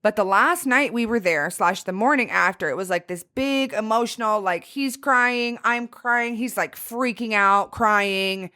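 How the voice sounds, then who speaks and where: A woman's voice: a little high, a little slow, few pauses, pushed and bright. A woman co-hosting a podcast, telling a candid story in casual chat, full of "like" and swearing freely. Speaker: podcast co-host.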